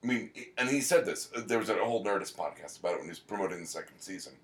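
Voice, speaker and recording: A man with a lowish, fairly bright voice and lively intonation chats loosely on a podcast, cracking jokes and drifting into quick asides as he describes a show to his co-host. The room is echoey.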